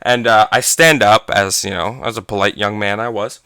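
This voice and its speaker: A man's voice: on the low side, fairly even intonation, moderate pace, bright, forceful tone, clear, resonant tone, dry recording. Chatty teenage boy telling a story. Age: teens. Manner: rambling, self-correcting, chatty. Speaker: gaming channel vlogger. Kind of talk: casual storytelling monologue.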